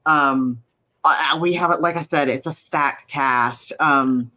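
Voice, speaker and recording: A woman who created an animated series chats freely about her cast, filling pauses with ums and slipping into lively voices when she quotes people. Her voice is bright and forceful. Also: sits low. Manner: chatty, many fillers, acts out quotes in lively voices. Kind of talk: casual interview chat.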